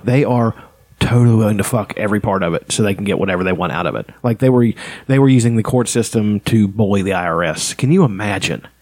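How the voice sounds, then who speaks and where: A man's voice: on the low side, fast, hardly any pauses, a little mellow. Rambling, profane man in casual chat. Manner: profane, rambling, laughing a lot. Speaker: podcast co-host.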